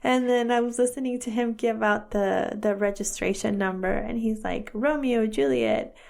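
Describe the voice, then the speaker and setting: A woman co-hosting a podcast, telling stories in a casual, animated way with lots of giggles and quoted voices. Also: mid-range voice, moderate pace, creaky. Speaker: podcast co-host. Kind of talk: casual chat.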